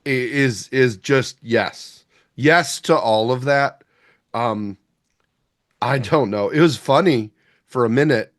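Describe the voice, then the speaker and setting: A man's voice: medium pitch, slow. A man co-hosting a podcast, giving blunt, sarcastic opinions in casual chat and swearing freely. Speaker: podcast co-host.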